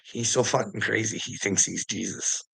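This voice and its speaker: A man's voice: lowish voice, steady tone, moderate pace, creaky, a bit bright, breathy edge. A man telling a rambling story to a friend in casual chat, swearing a lot and laughing often mid-sentence. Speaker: vlogger.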